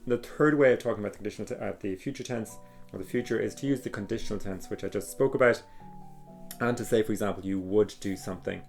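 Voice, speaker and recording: A man teaching German exam phrases, explaining slowly and reading phrases carefully with some hesitations. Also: fairly low pitch, gravelly, faint music behind. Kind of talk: exam prep lesson.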